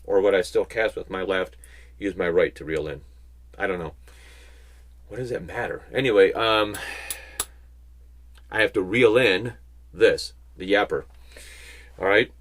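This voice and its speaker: A man giving a casual Bible teaching, chatting with rambling asides and slowing down to stress key points. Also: sits low, fairly bright tone. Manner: conversational, rambling asides, slow emphatic stresses. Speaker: Christian speaker.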